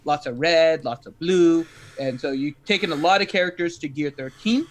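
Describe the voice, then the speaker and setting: A man's voice: a little high, moderate pace. A man co-hosting a casual gaming livestream, jokey at times and methodical when going through a player's roster. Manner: jokey, then methodical and explanatory. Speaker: livestream co-host reviewing rosters.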